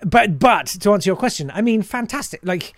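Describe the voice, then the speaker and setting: A man's voice: high-pitched, lively intonation, a little fast, no room sound, clean studio sound. A man, a comedian and impressionist, chatting casually and self-deprecatingly in an interview.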